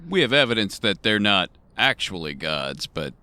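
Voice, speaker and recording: A laid-back man muses through ideas at a tabletop game, his mid-pitched voice bright and lively in its rise and fall. He is recorded close and dry. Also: moderate pace, smooth, dry recording. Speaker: player. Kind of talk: casual tabletop game chat.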